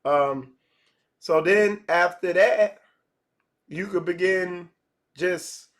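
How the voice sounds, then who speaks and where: A man's voice: sits high, very slow, fairly bright tone. A man giving a casual livestream lesson, talking conversationally, repeating phrases and acting out small dialogues. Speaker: spiritual teacher.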